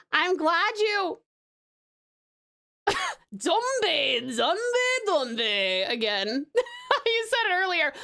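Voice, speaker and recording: Australian woman, streamer, high bouncy voice, giggly, rambling chat. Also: fairly bright tone. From Tasmania, Australia. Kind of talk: casual live-stream chat.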